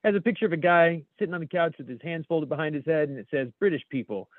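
A man's voice: fairly high pitch, fast talker, no echo, phone-quality sound. A man with an American accent co-hosting a casual show, reading jokes aloud and laughing often. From United States. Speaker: podcast co-host.

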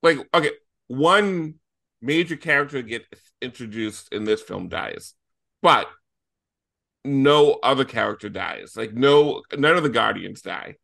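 A man co-hosting a casual film review podcast, talking excitedly and swearing freely. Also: medium pitch, measured pace, creaky. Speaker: podcast co-host.

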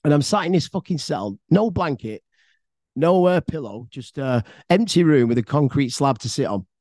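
A man's voice: fairly high pitch, expressive, moderate pace, darkish tone, dry recording, clean studio sound. A man with an English accent telling a personal story on his podcast, in a rambling, chatty way with frequent swearing and repeated words. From England. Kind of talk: casual spoken storytelling.

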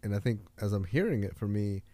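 A man's voice: on the low side, animated, fast talker, dark tone, no echo. A man talking earnestly in a casual conversation, telling stories and giving life lessons in a motivational way. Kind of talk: casual podcast chat.

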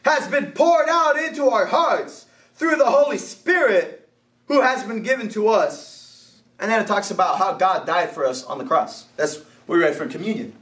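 Man, preacher, very high voice, lively sermon, shouting calls to action, echoey hall, distant mic. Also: moderate pace. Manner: lively storytelling, shouts exhortations, laughs. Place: church hall. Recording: roomy, distant church mic.

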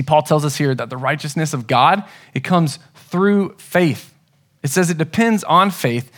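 A man in his thirties preaching a sermon as pastor, telling family stories in an earnest, conversational way. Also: on the high side. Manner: conversational, earnest storytelling with restarts.

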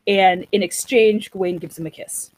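Woman, casual storyteller, animated, mid pitch, dry recording. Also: moderate pace, dry recording, rough recording. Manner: chatty, animated, acts out quotes.

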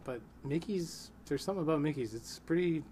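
A man in relaxed conversation, hedging his opinions and laughing often. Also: on the high side, fairly quick, slight background noise. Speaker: podcast co-host. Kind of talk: casual beer-tasting chat.

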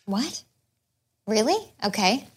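A woman's voice: medium pitch, lively intonation. A Canadian woman, a voice actress, chatting playfully as a guest in a casual interview recorded in a hotel lobby on a field recorder. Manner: playful, laughing, quick to agree.

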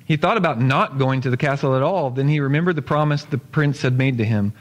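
A male pastor reads a story to his congregation in a steady, mid-pitched voice and slows down on key lines. He is recorded in a church sanctuary, where a long reverb trails his words. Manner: steady storytelling, slowing for emphasis. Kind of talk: sermon, reading a story aloud.

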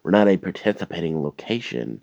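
Man mimicking a dismissive fast-food lady manager. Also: low-pitched, lively intonation, creaky, darkish tone, dry recording. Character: curt female fast-food manager, fake-polite. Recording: dry, slightly dull recording.

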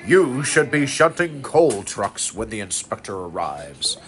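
A father voicing a stern, older railway boss in a lowered, measured voice while reading a storybook aloud. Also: very animated, a little hiss or hum.

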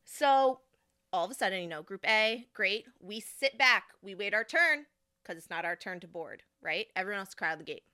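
A young woman hosts a podcast and tells a story in a casual, animated way. Her bright voice swings widely in pitch as she acts out the people she met. The sound is dry and close to the mic. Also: normal speed, smooth, dry recording. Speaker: podcast host.

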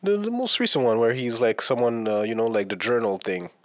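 A young man co-hosts a loose conversation, needling his partner with quick questions. His voice sits at a middle pitch but moves in a lively way. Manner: teasing, quick questions, laid-back. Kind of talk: casual chat.

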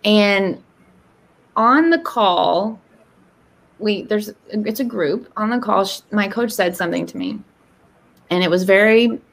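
Appearing as a podcast guest, a woman in her thirties shares a frank personal story in relaxed conversation. She is animated, performing the quoted lines with her pitch rising.

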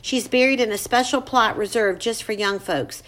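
A woman voicing a tired, grieving older mother who speaks in a low, sorrowful way. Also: moderate pace, fairly bright tone, natural voice.

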